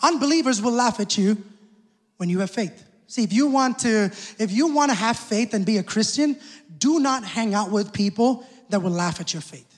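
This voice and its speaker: Male pastor with a very high voice, delivering an emphatic sermon in a big echoing church hall. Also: normal speed. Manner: emphatic preaching with call-outs to the congregation. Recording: long church hall reverb.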